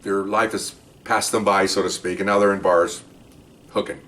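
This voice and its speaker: An older man, a retired undercover police officer, telling stories from his past cases in a casual, animated way and acting out the dialogue. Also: sits low, normal speed. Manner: animated, acts out the dialogue in raised voices. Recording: voice distant from the mic.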